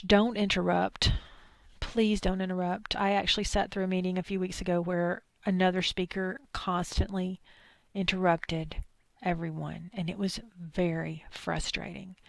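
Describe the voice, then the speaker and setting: A woman's voice: lowish voice, fairly even intonation, moderate pace, gravelly, no echo. A woman from Arkansas with a thick Southern accent, giving a chatty, digressive lecture with asides. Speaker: instructor. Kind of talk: recorded lecture.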